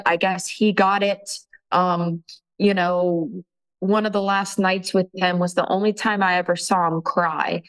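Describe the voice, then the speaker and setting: A woman telling her own story of a painful relationship, halting and emotional, with frequent restarts. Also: medium pitch, poor audio. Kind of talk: personal testimony.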